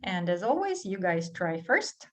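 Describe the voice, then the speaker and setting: Slow, careful woman teaching pronunciation. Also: lowish voice, very animated, a bit bright. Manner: slow, careful enunciation for learners; switches between English and Russian explanations. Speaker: English teacher. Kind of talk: language lesson.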